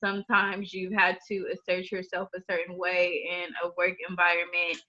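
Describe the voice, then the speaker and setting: Woman on a podcast, earnest n measured, bright voice, muffled audio. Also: on the low side, completely flat delivery. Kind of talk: casual podcast chat.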